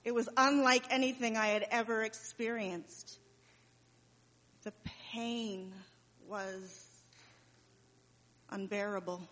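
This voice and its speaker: A woman playing Mary, a grieving mother recalling her son's death, in a slow, emotional dramatic monologue with heavy pauses, heard in a reverberant hall. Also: on the high side, fairly even intonation, a bit bright. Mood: sorrowful.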